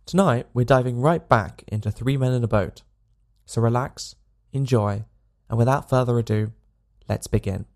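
A man reading a classic novel aloud as a bedtime story host, with calm, expressive narration. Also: medium pitch, normal speed, gravelly. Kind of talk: audiobook narration.

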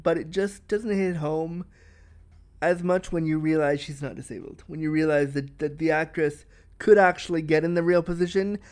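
A man hosting a podcast, giving candid, chatty commentary on a film in a frank, fast-talking way. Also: a little high, darkish tone. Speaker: podcast host.

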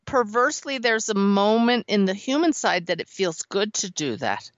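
A woman hosting a talk show, chatting lively and laughing easily. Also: mid-range voice, normal speed, no room sound. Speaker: host. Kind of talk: casual talk show chat. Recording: dull, muffled sound.

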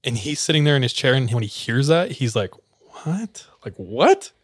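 A man at mid pitch, a podcast host telling a story in a casual, dramatic way and voicing the chants he quotes. His voice is recorded close and dry, with no room sound. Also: fast talker, breathy edge, no echo.

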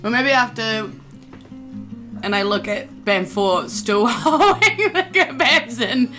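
A woman's voice: fairly high pitch, lively intonation, slow pace. A woman playing in a tabletop game, chatty and laughing as she describes her character's actions. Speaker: player. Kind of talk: casual tabletop role-play. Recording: music bed behind the talk.

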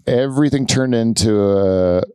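A man's voice: medium pitch, unhurried, warm tone, smooth, no room sound, studio quality. A man co-hosting a comedy podcast, chatting casually and rambling with lots of fillers and laughter. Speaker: podcast co-host. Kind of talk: casual chat.

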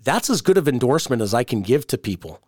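Podcast guy spinning a wrestling story, does all the voices, medium pitch, dry close mic. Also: fast, dry recording. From Canada. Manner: animated storyteller acting out quoted voices. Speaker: podcast host, wrestling promoter. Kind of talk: casual storytelling chat.

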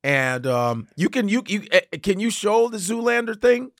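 Chatty man telling animated stories. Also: high-pitched, no room sound, clean studio sound. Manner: animated storyteller, slips into quick impressions. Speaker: actor and comedian guest. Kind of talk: casual podcast chat.

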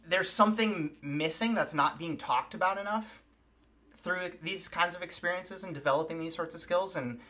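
A man's voice: high-pitched, normal speed, sharp tone. A man from the United States, a chef talking earnestly as a podcast guest, with many "like"s. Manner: earnest, filler-heavy with many "like"s. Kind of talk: casual chat.

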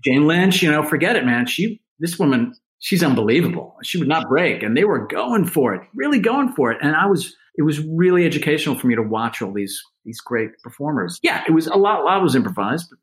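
A man's voice: a little high, fairly quick, few pauses, poor audio. A middle-aged actor, a man, chatting as an interview guest, telling loose, self-mocking anecdotes. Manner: rambling, self-mocking, animated storytelling. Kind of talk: casual interview chat.

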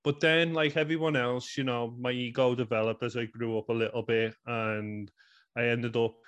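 A man's voice: mid-range voice, flat delivery, normal speed, a bit bright, clean tone, highs cut off. A man in his thirties with a Liverpool accent, earnestly telling a personal story in a rambling way, full of "you know" fillers. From England. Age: 30s. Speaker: guest.

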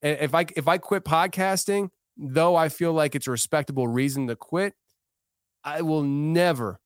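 A man's voice: a little high, normal speed, smooth, no room sound, studio quality. A man in his thirties, a podcast guest, telling a personal story in a casual, earnest way, often restarting his sentences. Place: podcast studio.

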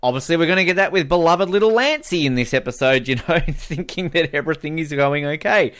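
A man co-hosting a podcast in casual chat, animated, often mimicking others in quick quotes. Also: fairly high pitch. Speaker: podcast co-host.

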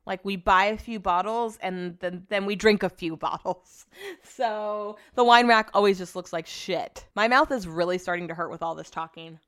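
A woman with a Californian accent hosts a solo podcast, chatting casually in a rambling, profane way. Her voice is medium-pitched and a bit bright with a clean tone, and she talks at a moderate pace.

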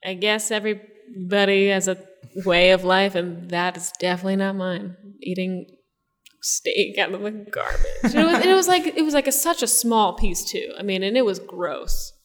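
A woman's voice: medium pitch, normal speed. Young woman, casual rambling storyteller, mid-range voice, reverberant room. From New Jersey Shore. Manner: rambling, laughing storyteller, many likes. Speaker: guest. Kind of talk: casual interview chat.

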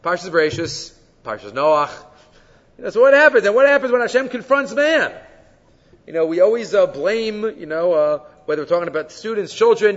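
A high-voiced man leads a Torah class, his pitch swinging widely as he asks question after question. His voice carries a long hall reverb and sounds a bit muffled, as if captured from across a big room. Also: brisk. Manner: animated, mixes Hebrew quotes into English explanation. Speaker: Torah teacher.

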